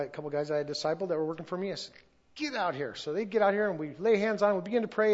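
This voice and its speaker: Man preaching a lively testimony. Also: high-pitched, highs cut off. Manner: storytelling, acts out quoted voices. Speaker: pastor. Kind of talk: testimony sermon.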